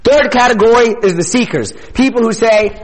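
A man giving an energetic youth sermon at a retreat, talking casually and often asking his listeners questions. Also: extremely high pitch, brisk, long reverb tail, low-quality recording. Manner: energetic, conversational, asks the audience questions.

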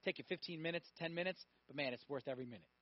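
A man's voice: fairly high pitch, very fast, dry recording, lo-fi sound. A man preaching a sermon, telling stories animatedly, acting out voices and asking the audience questions.

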